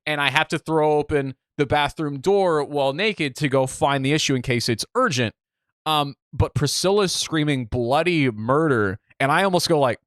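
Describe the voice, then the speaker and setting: A young man from the Midwest telling a story on a podcast in a casual, animated way, swearing freely and acting out what people said. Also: mid-range voice, moderate pace, no room sound, clean studio sound. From Midwest United States. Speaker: podcast co-host.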